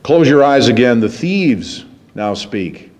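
A man preaching a sermon, moving from low, musing passages to raised, emphatic ones. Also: sing-song, takes it slowly, a little mellow. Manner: dramatic, swings between low musing and high emphatic preaching.

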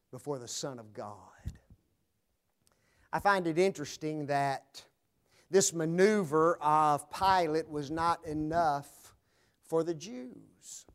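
A male preacher delivers a sermon, swinging dramatically between loud proclamation and hushed, low tones.

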